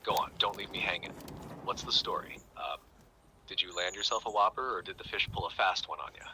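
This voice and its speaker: A man's voice: low voice, fairly quick, sharp tone, a little hiss or hum, rough recording. A synthetic male AI voice telling jokes and chatting in a cheery, folksy way, heard through a phone speaker outdoors. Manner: cheery, folksy Irish-flavoured phrasing. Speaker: AI chat companion. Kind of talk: chatty joke-telling banter. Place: played from a phone on a river outdoors.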